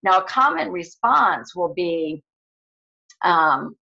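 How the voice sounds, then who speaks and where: A woman's voice: fairly low pitch, very animated, slow pace, creaky, sharp tone, highs cut off. A woman health coach explaining coaching questions in a casual, rambling way, with many fillers and restarts. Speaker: health coach leading a training call. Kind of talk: casual teaching talk.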